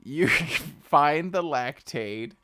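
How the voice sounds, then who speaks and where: A man co-hosting a casual podcast, joking in a deadpan way and often breaking into laughter. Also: fairly high pitch, very slow, no room sound. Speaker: podcast co-host.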